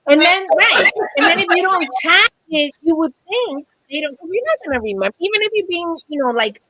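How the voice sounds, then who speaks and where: A woman's voice: very high-pitched, brisk, heavy background noise. A woman in a casual panel chat, talking expressively with an exasperated edge. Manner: expressive, exasperated, laughs easily. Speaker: guest investigator.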